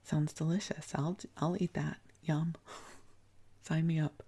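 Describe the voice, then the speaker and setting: A soft-spoken woman reads old recipes aloud at bedtime. Her voice is husky with a gravelly edge, and she often sinks to a breathy whisper. She breaks off now and then for gentle, chatty remarks. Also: deep voice, flat delivery, takes it slowly. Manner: gentle, chatty asides between recipe readings. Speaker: sleep podcast host.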